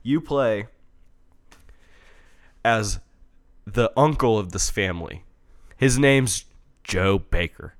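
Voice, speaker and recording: A young man in casual chat, excitedly reviewing a game with lots of swearing and restarts. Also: lowish voice, takes it slowly, long pauses. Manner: excitable, profane, rambling with restarts. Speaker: podcast co-host reviewing a game.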